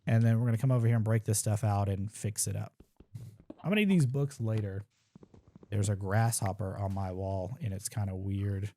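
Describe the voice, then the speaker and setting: With slight background noise behind him, a young man briskly talks through his own speedrun, thinking aloud and making wry comments about where he goes wrong. His voice is mellow and sits on the low side, and the live commentary stays casual and self-mocking.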